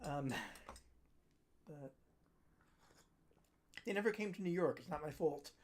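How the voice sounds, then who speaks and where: A woman hosting a holiday livestream, chatting casually between songs in a rambling, self-deprecating way that trails off quietly. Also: sits low, slow pace. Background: ukulele playing.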